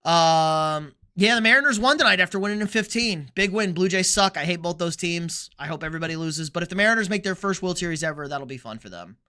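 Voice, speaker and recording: Bright high-voiced man hosting a sports stream. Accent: Texan. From Texas. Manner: blunt, joking, opinionated, quick asides. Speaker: sports livestream host. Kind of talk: casual livestream chat reading comments.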